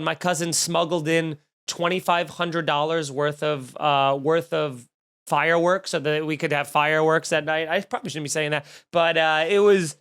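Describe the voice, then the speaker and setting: A man's voice: a little high, smooth. A man hosting a comedy podcast, telling a wild story with profanity and acted-out quotes. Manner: animated, profane, acts out voices in his story. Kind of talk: comic storytelling rant.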